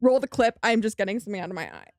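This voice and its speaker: A woman's voice: mid-range voice, very fast, dry recording, clean studio sound. A woman co-hosting a podcast in casual, supportive chat. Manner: supportive, chatty. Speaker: podcast co-host.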